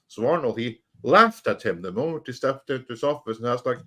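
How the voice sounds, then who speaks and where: A man's voice: mid-range voice, sing-song, a little fast, hardly any pauses, bright, forceful tone. A man telling an anecdote in a casual panel chat, with fillers and little laughs. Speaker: podcast panelist.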